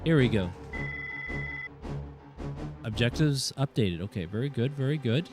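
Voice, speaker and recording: A man's voice: medium pitch, animated, unhurried. A man with a British Columbian Canadian accent, chatting casually with viewers while streaming a game, friendly and thanking people by name. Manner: friendly, thanks viewers, restarts his words. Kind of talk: casual live gameplay chat. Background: game music and gunfire.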